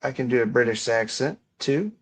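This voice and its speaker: A man's voice: medium pitch, normal speed. A young man hosting a livestream, chatting in a rambling, offhand way full of casual swearing. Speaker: livestream host.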